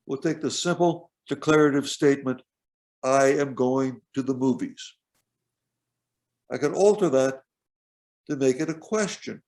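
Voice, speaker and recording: A man with a gravelly, slightly creaky voice talks through a lecture over a video call. His delivery is measured and explanatory, with pauses as he points out details on slides. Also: on the high side, a little mellow. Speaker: professor giving a lecture.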